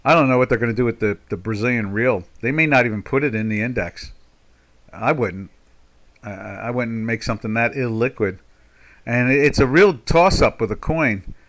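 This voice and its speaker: A market commentator in his sixties gives live trading commentary on currency charts, rambling in a folksy way with sarcastic asides about governments. His bright, forceful voice sits at an ordinary middle pitch for a man, at normal speed.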